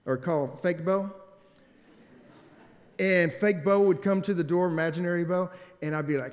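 A man in his forties, a pastor preaching a sermon in a church, telling stories and swinging between loud emphatic stretches and quiet, subdued ones. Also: a little high, moderate pace. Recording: long hall reverb.

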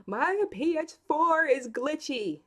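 A woman's voice: sits high, expressive, slow, a bit bright, pitched above the performer's own voice, exaggerated voice. A woman voicing her young son as a whiny, helpless, dramatic boy in a raised voice.

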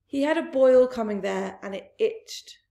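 A woman reading a children's storybook aloud, slowly and expressively, dropping into hushed asides. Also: on the high side, creaky. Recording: roomy echoey room.

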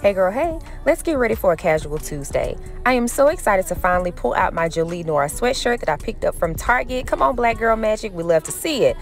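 A woman's voice: mid-range voice, very animated, brisk, few pauses, faint music behind. A woman vlogging casually to camera, chatting with her viewers as "y'all" and talking herself through her frustrations. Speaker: lifestyle vlogger.

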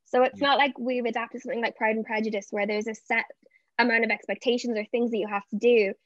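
A woman's voice: fairly high pitch, fairly even intonation, fast, no room sound. A woman being interviewed as an actress over a video call, answering fluently and reflectively. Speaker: actress guest. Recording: dull lo-fi, dry.

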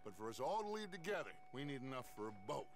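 An actor playing a charismatic middle-aged outlaw gang leader in a video game, with a smooth, persuasive manner. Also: male voice, medium pitch, very animated, quick pace, slight background noise.

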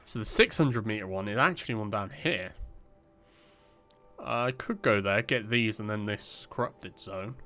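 A man's voice: on the low side, measured pace, bright, forceful tone, faint music behind. A young man giving casual let's-play commentary, rambling and joking at himself with plenty of fillers. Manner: rambling, self-deprecating, lots of fillers. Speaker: gameplay commentator.

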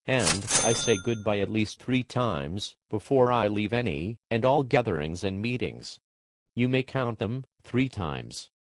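A man's voice: fairly low pitch, unhurried, no echo. A man from Minnesota co-hosting a comedic sports show, with hammy, theatrical announcer banter. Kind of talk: jokey scripted banter.

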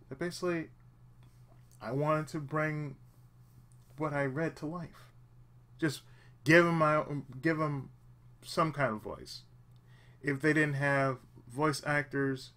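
A man's voice: mid-range voice, fairly bright tone. A man hosting a let's play channel, giving earnest, emphatic advice in casual talk and often repeating himself for emphasis. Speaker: let's play host, aspiring voice actor.

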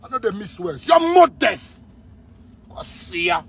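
A man in his thirties from Ghana with a Ghanaian Pidgin English accent, delivering an angry, repetitive rant with frequent shouting. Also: very high voice, big pitch swings, a little slow, vocal fry, slight background noise. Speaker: musician ranting on video.

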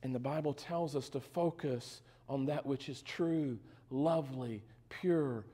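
A man's voice: mid-range voice, unhurried, dark tone, husky. A male pastor preaching a sermon in a conversational way, with joking asides and frequent questions to the congregation.

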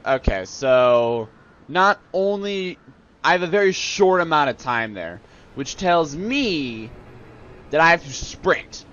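A man's voice: a little high, animated, slow pace, a bit bright, muffled recording. A man hosting a let's play, rambling and sarcastic in his gameplay commentary. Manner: sarcastic, rambling, easily annoyed.

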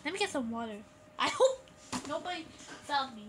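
Excitable high-voiced woman gaming. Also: noisy background. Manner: excitable, shrieks and laughs, repeats words rapidly. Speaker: gaming video creator. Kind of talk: casual gameplay commentary.

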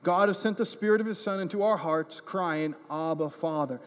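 A man's voice: high-pitched, moderate pace. A man preaching a sermon as pastor, impassioned and earnest, often repeating words as he builds a point. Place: church. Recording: echoey church hall.

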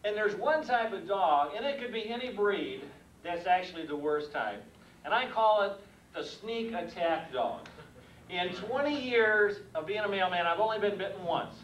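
Older male storyteller, high voice, animated comedy delivery, echoey room recorded from a distance. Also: normal speed. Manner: folksy, animated, acts out the scenes. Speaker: mailman telling stories. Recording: echoey room heard from a distance with faint noise.

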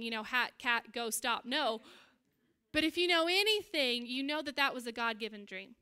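Woman pastor, middle-aged, high pitch, bright tone, lively storytelling sermon. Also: clear, resonant tone. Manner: animated storytelling preacher. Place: church stage.

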